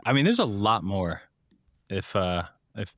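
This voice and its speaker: A man's voice: lowish voice, very animated, a little slow, no room sound. Chatty young man with a dry sound. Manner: chatty, laughs often, acts out quotes in exaggerated voices. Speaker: podcast co-host. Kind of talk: casual podcast chat.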